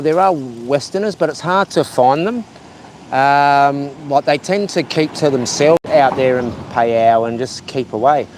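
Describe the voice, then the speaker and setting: Travel vlogger, male, loose chatty delivery outdoors, slightly high voice. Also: a little mellow, slight background noise. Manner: chatty, rambling, talks to viewers as "guys". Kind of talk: casual walking vlog. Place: outdoors on town streets.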